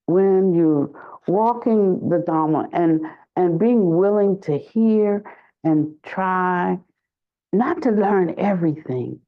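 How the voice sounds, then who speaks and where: An older woman gives a slow, unhurried dharma talk as a Buddhist teacher. She is reflective and pauses to search for words, then grows lively when she tells a story. The recording is dull and lo-fi. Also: fairly low pitch.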